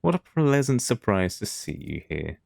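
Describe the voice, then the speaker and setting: A man's voice: on the low side, very animated, gravelly, darkish tone, dry recording, full character voice. A man voicing an aloof, haunted female alien seer from a video game, speaking formally. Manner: formal, measured speech. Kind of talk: reading game dialogue aloud.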